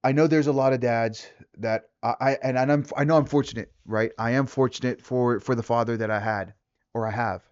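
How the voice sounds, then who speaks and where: A young man rants in a loose, rambling way, swearing freely and tripping over restarts and fillers as he works his thoughts out loud. His voice sits at an ordinary middle pitch. The audio is a bit dull and lo-fi. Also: fairly even intonation, brisk, smooth. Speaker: vlogger. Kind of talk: casual rant to camera.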